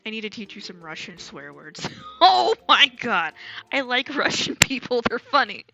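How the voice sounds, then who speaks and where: A woman streaming live, chatting casually and candidly with crude humor, sliding her voice higher and lower as she talks. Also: very animated, moderate pace, gravelly, sharp tone, dull audio, soft background music. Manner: candid, crude, laughs often. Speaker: VTuber streamer.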